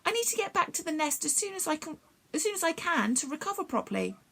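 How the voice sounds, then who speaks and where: A woman doing a small gentle bumblebee lady, high and faint, breathless, lively swoops. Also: fast talker, vocal fry, exaggerated voice. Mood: weak, grateful. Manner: soft and breathless. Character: small weak female bumblebee, gentle and grateful.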